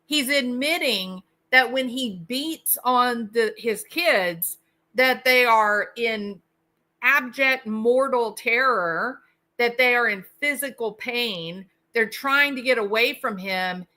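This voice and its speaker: Female host, slow and deliberate, bright tone, outraged commentary. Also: a little high. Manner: indignant, emphatic, repeats words for stress. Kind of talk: casual commentary.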